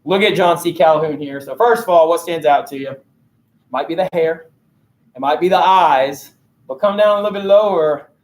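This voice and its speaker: A man's voice: a little high, normal speed. A man teaching a history lesson in a casual, joking way, with slangy asides as he explains. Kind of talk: recorded classroom lesson.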